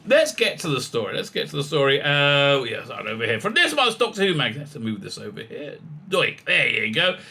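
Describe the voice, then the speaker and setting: A man's voice: medium pitch, big pitch swings, fairly quick, gravelly, hardly any pauses, sharp tone, husky. A man giving sarcastic, scornful commentary in a ranting vlog, stammering through restarts. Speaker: YouTube commentator.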